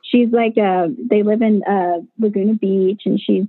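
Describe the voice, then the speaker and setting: A woman's voice: medium pitch, measured pace, no room sound. A woman midwife chatting as an interview guest, telling birth stories with lots of fillers and acting out what people said. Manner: animated, acts out quoted voices, many fillers. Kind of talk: casual interview storytelling. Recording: dry, tinny phone-like sound.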